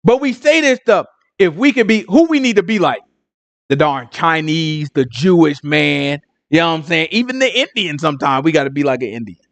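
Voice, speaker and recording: A man giving an informal Sabbath teaching to a congregation, talking in an animated, conversational way full of rhetorical questions. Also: a little high, moderate pace, no echo.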